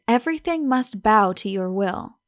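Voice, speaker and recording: A woman voicing a spirited young woman with an indignant, quick manner, in an audiobook. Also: mid-range voice, animated, no echo, clean studio sound, natural voice.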